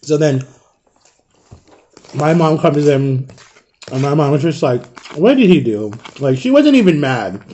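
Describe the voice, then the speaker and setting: A man in his thirties telling a personal story in a casual vlog, animated and acting out the people in it. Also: fairly high pitch, a little slow, pauses often, highs cut off. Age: 30s. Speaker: storytime vlogger.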